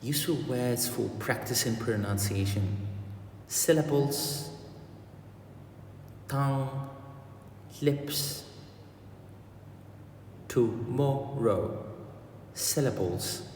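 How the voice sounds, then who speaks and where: A man's voice: mid-range voice, slow, pauses often, slight background noise. A man teaching classroom English who acts out the teacher phrases in a raised voice. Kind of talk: lecture on classroom language. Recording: echoey room, far from the mic.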